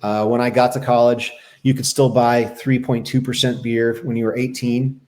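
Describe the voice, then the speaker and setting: A middle-aged man and former Navy SEAL, a podcast guest telling his life story in a candid, halting, reflective way. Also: mid-range voice, little pitch movement, a little mellow. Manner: reflective, halting, with many restarts.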